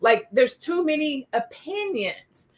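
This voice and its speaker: A woman hosting a casual panel discussion, animated and expressive, acting out quoted exchanges as she talks. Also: sits high, slow pace. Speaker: podcast host.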